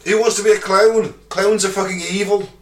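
A swearing, laughing man co-hosting a podcast, full of mock outrage. His voice sits a touch high for a man. The sound is roomy and echoey, picked up from a mic placed well away from him. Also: fairly even intonation, a little fast. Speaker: podcast co-host. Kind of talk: casual comedy chat. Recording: roomy echo, distant mic.

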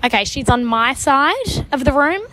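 A woman's voice: high-pitched, animated, moderate pace, a bit bright, slight background noise. A young woman co-hosting a podcast, recording a chatty message in a wry, self-deprecating way. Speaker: podcast co-host.

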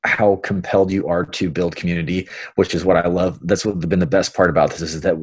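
Male veteran podcast guest, very low-pitched, earnest and affirming, dry recording. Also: fairly even intonation, a little fast, husky, no echo. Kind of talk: heartfelt podcast conversation.

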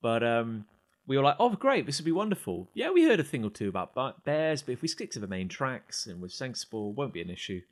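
A man co-hosting a casual podcast. His pitch swings widely as he spins anecdotes, and he laughs as he goes. He sounds like an easy, chatty storyteller. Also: brisk. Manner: storytelling, animated, laughs often. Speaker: podcast co-host. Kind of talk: casual chat.

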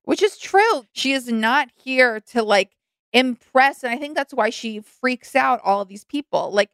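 A young woman co-hosting a casual chat, animated and laughing as she acts out quotes. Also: high-pitched, measured pace, dry recording, clean studio sound. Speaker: podcast co-host.

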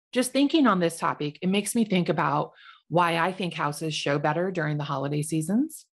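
A woman in her forties, a realtor, giving chatty, self-deprecating advice in a solo podcast. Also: on the low side.

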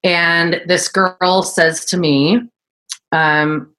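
A woman esthetician in her forties, telling her story in a casual interview and acting out quoted voices. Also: takes it slowly. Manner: animated, acts out quoted voices in a high pitch. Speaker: guest, esthetician and entrepreneur.

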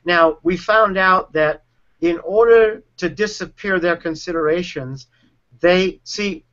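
A man's voice: sits high, takes it slowly, fairly bright tone. A man coaching, earnestly explaining a technique and acting out quoted speech in a conversation. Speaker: relationship and sales coach. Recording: dull lo-fi sound.

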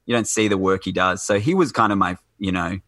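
A man's voice: low-pitched, a little fast, a bit bright, no echo. A man chatting casually as a podcast guest, rambling with lots of fillers and restarts.

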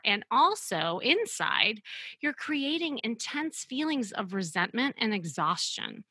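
A middle-aged woman hosting a podcast, telling a client story as an animated, emphatic storyteller. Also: medium pitch, slightly rough, dry recording. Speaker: podcast host and dating coach.

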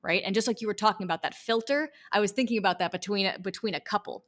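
Animated woman coach, interview guest. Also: mid-range voice, quick pace. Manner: animated, lively, acts out reactions. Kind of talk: conversational interview.

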